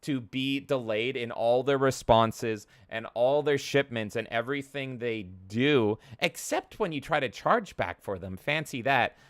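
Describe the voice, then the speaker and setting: A man's voice: medium pitch, smooth, dry recording. A man co-hosting a podcast, ranting heatedly and profanely, slipping into mocking quoted voices. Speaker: podcast co-host. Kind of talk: casual podcast rant.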